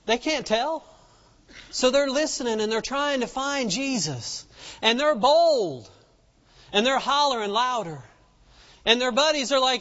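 Man, preacher, high voice, folksy storytelling sermon, long reverb, muffled lo-fi recording. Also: expressive, unhurried, pauses often, fairly bright tone. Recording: dull lo-fi sound with long reverb.

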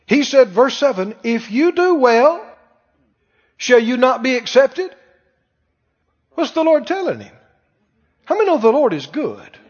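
A man preaching a sermon, animated and full of rhetorical questions to the congregation. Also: extremely high pitch, unhurried, pauses often, slightly rough. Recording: muffled sound with long hall reverb.

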